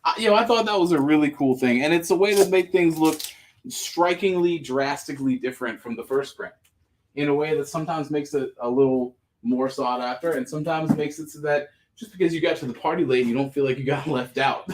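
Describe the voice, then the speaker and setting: A man hosting a live comic book sale, pitching each issue in a joking, profane, auctioneer-style way. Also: brisk, slight background noise. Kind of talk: casual live-stream sales patter.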